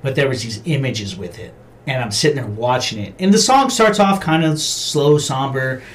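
A man's voice: medium pitch, expressive, moderate pace, slight background noise. A man co-hosting a podcast, casually retelling a film scene in a profane, rambling way. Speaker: podcast co-host. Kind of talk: casual chat.

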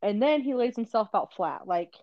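Mom on a podcast, animated storyteller, kinda high voice, dry dull lo-fi sound. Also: female voice, moderate pace, no echo. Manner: animated storytelling, acting out quotes, laughing often. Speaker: podcast co-host, mother. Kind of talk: casual chat.

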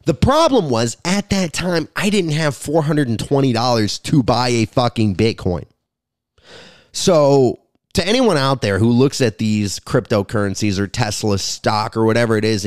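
A man hosting a comedy podcast, ranting in a crude, profane, rambling way with sudden loud outbursts. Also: medium pitch, big pitch swings, moderate pace, no echo, studio quality. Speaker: podcast host.

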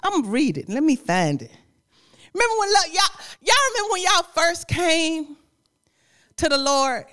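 Speaking very high and a little slowly, with long pauses, a woman preacher talks straight to her congregation. Her sermon feels conversational and lively, with phrases repeated and laughter coming often.

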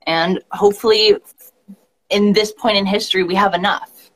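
A woman's voice: medium pitch, steady tone, normal speed, low-quality recording. A woman hosting a casual talk show, supportive and reassuring toward her guest. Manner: supportive, reassuring, agreeing often. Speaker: podcast host. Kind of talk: casual chat.

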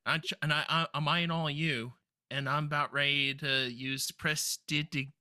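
A man playing a tabletop game, chatting casually in an excitable, stammering way. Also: a little high, moderate pace, no room sound, clean studio sound. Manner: excitable, stammering, laughs a lot. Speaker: player.

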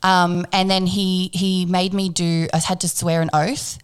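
A young woman telling a story in casual chat, animated and swearing freely as she acts out what people said. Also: lowish voice, unhurried, clean tone. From Australia.

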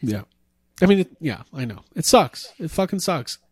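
A man's voice: a little high, big pitch swings, moderate pace, a little mellow, slightly rough, no echo. A man hosting a podcast, enthusiastic and swearing freely while telling stories in casual chat.

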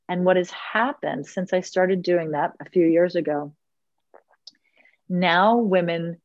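A woman's voice: lowish voice, a little mellow, dry recording, muffled recording. A woman who leads women's circles, speaking earnestly and unhurriedly in a reflective podcast conversation, drawing out her key words.

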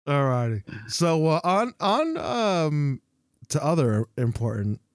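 A man talks casually on a podcast with a high, bouncy voice that swings widely in pitch. He laughs often and trips over his restarts. The sound is dry and close. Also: takes it slowly, no echo. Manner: animated, laughing, many restarts and fillers. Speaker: podcast co-host. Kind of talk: casual chat.

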